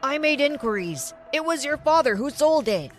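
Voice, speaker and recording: A woman reading the lines of an angry pawn shop owner who loudly accuses and makes demands, in a story narration. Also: high voice, expressive, normal speed, faint music behind. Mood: threatening.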